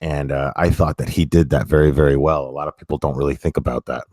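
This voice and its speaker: A man hosting a casual live chat, talking in halting bursts full of restarts, and swearing bluntly. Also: very deep voice, steady tone, darkish tone, no echo, studio quality. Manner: halting, many restarts and fillers. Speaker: streamer reading chat.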